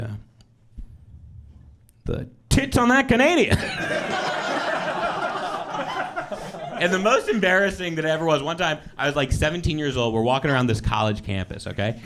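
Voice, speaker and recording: A man performing stand-up comedy in a casual, animated way, laughing between his lines. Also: medium pitch, a little hiss or hum.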